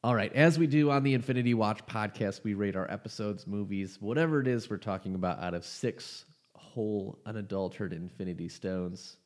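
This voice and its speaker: A man's voice: fairly low pitch, a little fast, hardly any pauses, a little mellow. A young man co-hosting a podcast in laid-back, easygoing casual chat. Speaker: podcast co-host.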